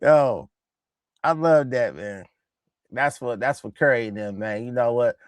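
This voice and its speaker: A man hosting a casual reaction show, talking excitedly and in slang over game highlights and repeating himself. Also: moderate pace, clear, resonant tone, dry recording. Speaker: host of a basketball reaction channel.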